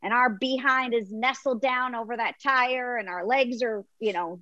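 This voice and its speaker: A woman guest on a faith interview, telling an illustration with lively voices for the crowd. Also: fairly high pitch, dry recording, dull audio. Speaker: guest author.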